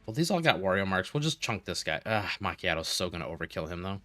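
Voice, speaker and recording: A man streaming a game, chatting casually with viewers and telling rambling, animated stories between moves. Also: low-pitched, quick pace, no room sound, soft background music. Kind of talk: casual gaming stream chat.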